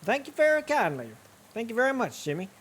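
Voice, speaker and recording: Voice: medium pitch, very animated, fairly quick, slightly rough, voice pushed up. A streamer doing a drawling old hobo. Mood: easygoing. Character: cheerful old male hobo, easygoing.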